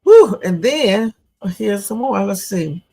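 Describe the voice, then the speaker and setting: A man hosting a livestream, reading text messages aloud and reacting to them with slow, musing asides. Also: high voice, very animated, mellow, faint music behind. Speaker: livestream host.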